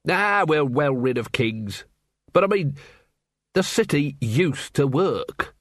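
A man's voice: a little high, animated, slow, a bit bright, no room sound, heavily acted. Man doing a dry, muttering, cynical middle-aged captain. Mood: world-weary. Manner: dry, world-weary, muttering.

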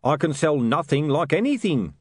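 A man's voice: on the high side, very animated, moderate pace, husky, no echo, clean studio sound, pitched above the performer's own voice. A man voicing a shifty, wheedling street hawker in an audiobook.

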